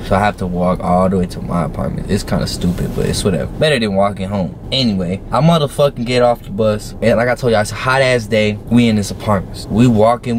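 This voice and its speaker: A man's voice: lowish voice, background noise. A young man casually telling a story to camera, slangy and profane, with plenty of fillers. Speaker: vlogger.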